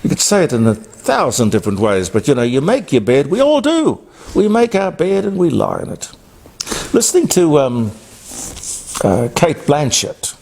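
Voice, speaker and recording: A man's voice: a little high, huge pitch swings, normal speed, gravelly, darkish tone. Australian male radio host, blunt and emphatic, rambling opinion talk.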